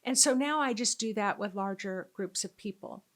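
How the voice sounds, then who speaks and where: Here a middle-aged woman, a spiritual teacher, shares a personal story sincerely and conversationally. She has a typical mid-range, slightly bright voice and keeps stopping on fillers to gather her thoughts.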